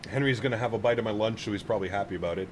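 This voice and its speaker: A man's voice: lowish voice, rapid-fire, slight background noise. A man streaming a flight simulator, chatting casually with his viewers and cooing at his dog. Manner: chatty, reads chat aloud, coos at his dog. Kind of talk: casual live-stream chat.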